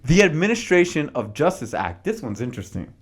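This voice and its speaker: Male podcast host, fairly high, very expressive pitch, casual and animated, reads passages then riffs. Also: a little fast, slightly rough. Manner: animated, dramatizes history with slangy asides. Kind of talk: casual podcast talk mixed with reading from notes.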